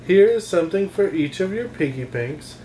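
A man, a father co-hosting a family vlog, making brief low-key remarks and reading cards aloud. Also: animated, moderate pace, mellow, slight background noise. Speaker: father and co-host. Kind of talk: casual vlog talk. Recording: echoey room, faint ambience.

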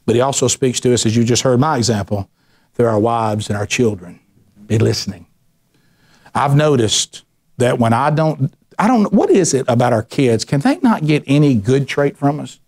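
A middle-aged man teaching a men's Bible study, telling lively stories and acting out voices. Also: medium pitch, normal speed. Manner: animated storyteller, acts out voices, ranting bursts.

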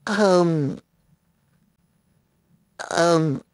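A woman's voice: fairly low pitch, very slow, a little mellow, no room sound, studio quality. A woman reading lines for a blooper reel, giggling, stumbling and apologizing as she forgets them.

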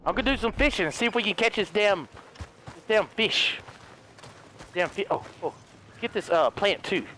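A hoarse man giving excitable, casual let's-play commentary, cursing freely and chatting to his horse. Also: sits high, normal speed, a little hiss or hum. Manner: excitable, swears often, talks to his horse. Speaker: gaming video host.

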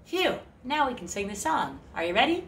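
A woman hosting a children's music show, talking softly and playfully to young listeners and pretending to forget things. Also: mid-range voice, very animated, brisk, distant mic, a little hiss or hum. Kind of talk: gentle talk to children. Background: guitar.

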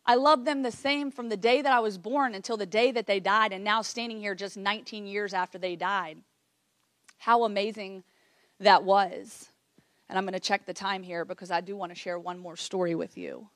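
A woman's voice: mid-range voice, steady tone, moderate pace, no room sound, clean studio sound. A woman in her late thirties giving an emotional keynote speech to a live audience, earnest, repeating phrases for emphasis. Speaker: keynote speaker. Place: event room with audience.

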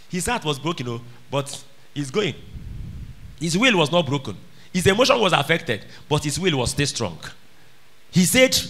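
A man preaching with a bright, high voice that leaps up and down as he drives his points home. He fires repeated questions at the congregation and swings from shouted lines to quiet ones. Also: very animated, fairly quick. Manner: emphatic, calls out questions to the congregation. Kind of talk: sermon.

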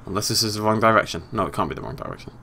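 An excitable British man commentates a video game, his voice bright and bouncing all over the place as he shifts from frustrated shouts to muttered asides. Faint hiss sits behind him. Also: lowish voice, racing, vocal fry. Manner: exasperated, swinging from yelling to muttering. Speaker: gameplay commentator. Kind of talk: let's play commentary.

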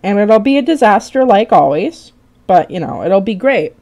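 A woman's voice: medium pitch, lively intonation, moderate pace, warm tone, dull audio. A tired young woman streaming live, chatting casually while she draws, rambling, swearing and poking fun at herself.

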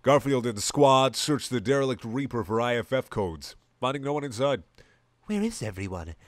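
A man giving a mock-serious dramatic reading, deadpan, who swears at his own slips. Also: mid-range voice, normal speed, no echo. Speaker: reader of comedy fan fiction.

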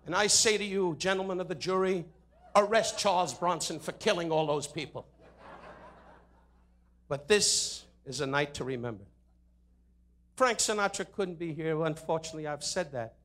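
A man's voice: on the high side, a bit bright, slight background noise. Man roasting the room in jabs. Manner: rapid jabs, mock-sincere asides, frequent "anyway, uh". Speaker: comedian roasting the guest of honor. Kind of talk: insult comedy roast. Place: hotel ballroom at a benefit dinner.

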